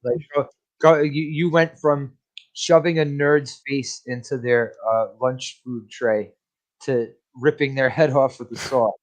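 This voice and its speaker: A man co-hosting a casual movie podcast, speaking at an ordinary mid pitch. He is blunt and profane, and he often breaks into laughter while trading opinions. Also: fairly even intonation, a little slow. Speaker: podcast co-host. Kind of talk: casual movie-review chat.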